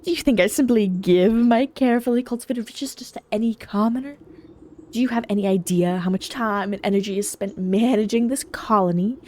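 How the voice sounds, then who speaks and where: A woman voicing a shrill, haughty queen bee who scolds and looks down on everyone in a video game. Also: fairly quick, dark tone, slight background noise, lightly acted. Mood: scolding. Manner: imperious, scolding.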